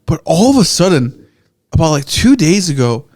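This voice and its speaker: A man's voice: fairly high pitch, very animated, a little mellow. A young man co-hosting a podcast, chatting casually, cracking jokes and swearing. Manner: joking, swears, quick asides. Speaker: podcast co-host. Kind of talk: casual chat.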